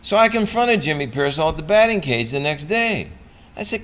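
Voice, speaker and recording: A man's voice: fairly high pitch, a little fast. Older man telling stories on stage. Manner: animated storyteller who acts out scenes, loud when excited. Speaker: former pro athlete giving a motivational talk. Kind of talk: motivational speech with personal stories.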